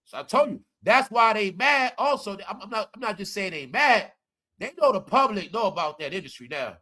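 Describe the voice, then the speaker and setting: A man hosting a live commentary stream, talking straight to his viewers in an animated, preachy way. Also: high-pitched, a little fast. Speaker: commentary livestream host.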